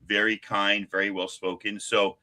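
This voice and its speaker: A man in his fifties from Long Island, hosting a live stream and telling stories in a chatty, animated way. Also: fairly low pitch, normal speed, a little hiss or hum. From Long Island, New York. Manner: chatty, animated, acts out what people said. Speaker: comic shop live stream host. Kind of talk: casual storytelling chat.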